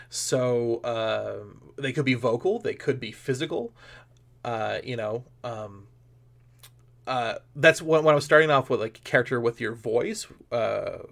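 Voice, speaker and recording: A man of middle pitch talks as a comedy-improv guest on a podcast. He rambles, restarts his sentences and fills pauses with "uh" and "like". He is animated and laughs easily. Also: vocal fry. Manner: rambling with many fillers and restarts. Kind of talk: casual podcast interview.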